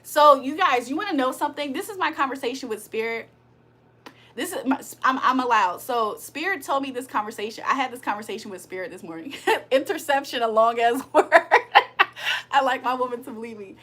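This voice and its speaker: A woman with a high, bright voice chats on a livestream. She hosts spiritual card readings but talks bluntly, swears freely and vents her annoyance at her audience. Her delivery is loose and unscripted. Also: brisk. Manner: blunt, profane, annoyed venting with frequent laughs. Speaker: spiritual reader and livestream host. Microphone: streaming setup.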